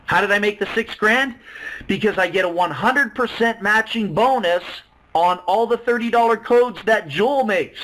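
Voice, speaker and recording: Upbeat male webinar presenter, high and bright, hard-selling. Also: moderate pace, poor audio. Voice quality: excitable, salesy, acts out quoted voices. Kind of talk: sales pitch on a webinar.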